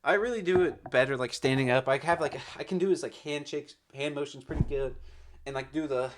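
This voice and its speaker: A man's voice: mid-range voice, brisk, noisy background. A young man talking casually and hesitantly about his impressions, rambling with lots of fillers. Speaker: amateur impressionist. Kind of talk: casual vlog monologue.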